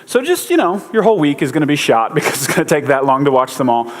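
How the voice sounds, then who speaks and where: A man's voice: on the high side, sing-song, fast. A man giving a casual sermon, a chatty, joking storyteller with lots of fillers. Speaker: pastor. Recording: long hall reverb.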